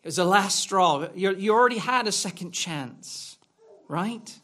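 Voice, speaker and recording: A man's voice: high voice, animated, unhurried, fairly bright tone. A man preaching a sermon in a church, asking rhetorical questions in a conversational way. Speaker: pastor.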